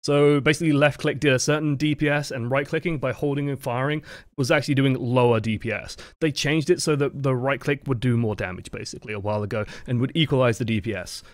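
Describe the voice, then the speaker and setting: Male game coach, mid-pitched, dry close sound, chatty explainer who corrects himself mid-sentence. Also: steady tone, quick pace, no echo. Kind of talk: live-streamed coaching explanation.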